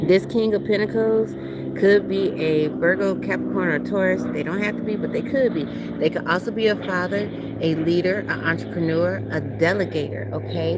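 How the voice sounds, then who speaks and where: A woman's voice: deep voice, vocal fry, heavy background noise. A woman, doing a casual livestream tarot reading outdoors at a beach, talking bluntly and profanely to her viewers. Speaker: tarot reader.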